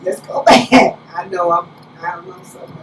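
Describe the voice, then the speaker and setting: A woman apostle preaching a conversational sermon, telling stories with lively preacherly exclamations. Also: on the low side, normal speed. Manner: animated storytelling, preacherly exclamations. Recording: roomy, distant, faint background hiss.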